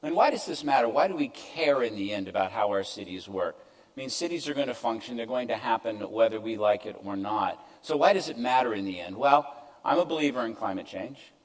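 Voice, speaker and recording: An older man talks an audience through his slides from an event stage. His delivery is conversational and mid-pitched, with wry jokes at his own expense. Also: animated, brisk, poor audio. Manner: conversational, self-deprecating asides. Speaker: keynote speaker. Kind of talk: conference presentation.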